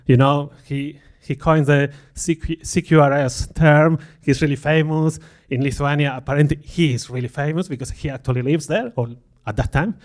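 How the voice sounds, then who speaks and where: Onstage at a conference, a man addresses the audience candidly and self-deprecatingly, laughing easily. His voice is a little high for a man, steady in tone, at normal speed with few pauses, and he acts out quoted remarks in livelier voices.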